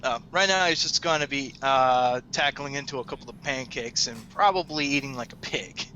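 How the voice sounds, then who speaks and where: A man's voice: medium pitch, normal speed, sharp tone, lo-fi sound, slight background noise. A man playing a tabletop game, describing his character's actions in a joking way. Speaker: player. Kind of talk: casual tabletop play.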